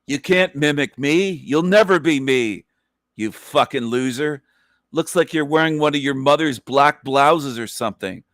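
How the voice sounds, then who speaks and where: Scornful ranting man, slow and dry. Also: a little high, a bit bright, no echo. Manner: scornful, insulting, repeats phrases over and over. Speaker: channel host reacting to a clip. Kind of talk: ranting video commentary.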